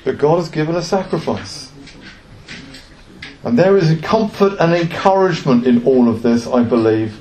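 A man's voice: fairly high pitch, lively intonation, moderate pace, warm tone, a little hiss or hum. A male preacher giving an earnest sermon, asking the congregation rhetorical questions. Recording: echoey room.

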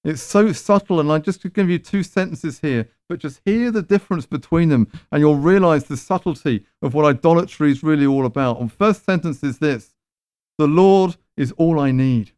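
A man's voice: a little high, moderate pace, a little mellow, clean tone, no echo, studio quality. A man preaching a sermon in a conversational, emphatic way, with rhetorical questions.

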